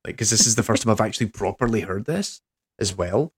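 A man's voice: lowish voice, lively intonation, fast talker, breathy edge. An English man hosting a podcast in casual chat, rambling and self-deprecating, with many restarts. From England. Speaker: podcast host.

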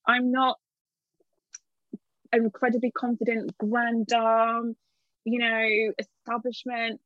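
A woman's voice: on the high side, level tone, slow pace, no echo. A woman in an interview, a literary agent telling stories candidly and acting out her own past remarks with lots of laughter. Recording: dull, dry sound.

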